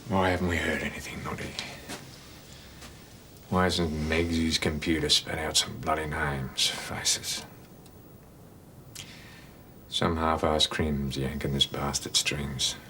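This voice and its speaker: An actor playing a blunt, frustrated Australian police detective. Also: male voice, extremely low pitch, flat delivery, slow pace, long pauses, bright, forceful tone, slight background noise, heavily acted.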